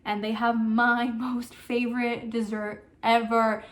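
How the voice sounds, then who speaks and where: A woman's voice: fairly high pitch, little pitch movement, slow, fairly bright tone. A young woman chatting casually in her home kitchen as she hosts a cooking vlog, often drifting off on tangents. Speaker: vlogger.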